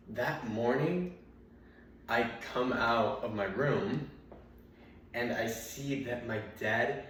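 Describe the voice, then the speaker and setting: A man's voice: medium pitch, fairly bright tone. A man doing stand-up, telling rambling anecdotes full of fillers and restarts. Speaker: stand-up comedian. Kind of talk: stand-up storytelling. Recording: very echoey room, mic far off, faint noise.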